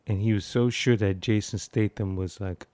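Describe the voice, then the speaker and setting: A man talking over a film in loose, profane commentary, his voice sitting a bit low. He riffs freely and mimics the clicks and bangs on screen. The sound is dry and close, with no room around it. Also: steady tone, normal speed, a little mellow, no room sound. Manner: profane, riffing, sound-effect imitations.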